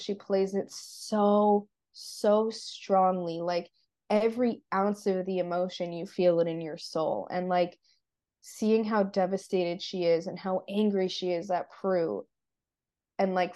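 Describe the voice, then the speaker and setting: A woman's voice: on the low side, darkish tone. A woman co-hosting a podcast, chatting casually and retelling TV scenes in detail with lots of "like" fillers. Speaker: podcast co-host. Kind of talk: casual TV recap chat.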